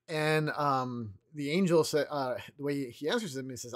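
A man leading a morning prayer, explaining a scripture passage in a loose, conversational way with frequent pauses and restarts. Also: on the high side. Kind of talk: informal devotional teaching.

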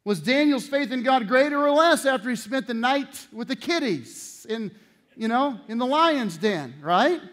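A male pastor delivers a sermon in a high-pitched voice. He drives some phrases hard and loud, then drops to hushed, intimate tones to press a point home. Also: expressive, a little slow. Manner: dynamic preaching, swinging from loud emphasis to soft, intimate lows. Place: church sanctuary.

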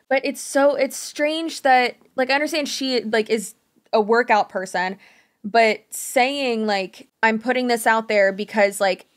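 Woman, casual commentary host, chatty and loose, filler-heavy delivery. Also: medium pitch. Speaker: commentary YouTuber.

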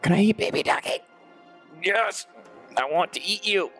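A man putting on a high, greedy childish voice with gleeful singsong talk. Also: moderate pace, fairly bright tone, soft background music.

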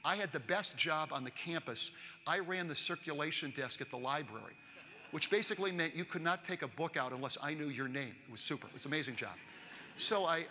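Lively man telling stories on a conference stage. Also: fairly high pitch, slight background noise. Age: 60s. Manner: lively, chatty, asks the audience questions. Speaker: keynote speaker. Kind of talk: storytelling keynote talk. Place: large conference hall. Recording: long hall reverb.

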